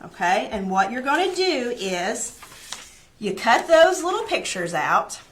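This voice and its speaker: Slow, clear-speaking preschool teacher woman. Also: a little high, sing-song, slight background noise. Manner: slow, clear, encouraging teacher talk addressed to children. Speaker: preschool teacher reading to children. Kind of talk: children's story reading and phonics lesson.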